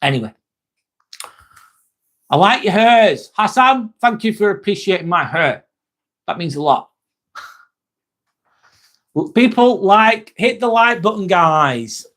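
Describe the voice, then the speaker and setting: A man's voice: high-pitched, sing-song, slow, long pauses, a bit bright. A man with an English accent, casually chatting on a livestream and answering viewer comments by name, swearing freely. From England. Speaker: live streamer.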